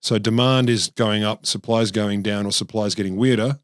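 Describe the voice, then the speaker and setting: A man co-hosting a casual podcast who keeps cutting in with jokes and quick one-liners. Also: fairly low pitch, steady tone, dry recording, clean studio sound. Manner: wisecracking, quick jokey interjections. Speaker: podcast co-host.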